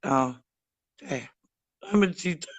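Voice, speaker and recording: A middle-aged woman answering a medium's questions in brief, soft-spoken replies. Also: sits low, lively intonation, takes it slowly. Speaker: sitter in a reading.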